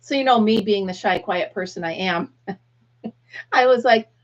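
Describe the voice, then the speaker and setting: A middle-aged woman hosts a live stream, chatting casually with viewers and acting out what people said in her story like a chatty storyteller. Her mid-range voice is unhurried, and the sound is lo-fi.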